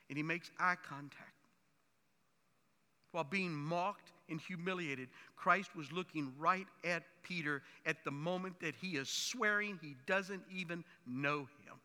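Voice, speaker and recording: A male pastor delivers a sermon with emphatic, building force. His voice sits high and sounds sharp and very bright. A long reverb trails behind him, as in a large hall.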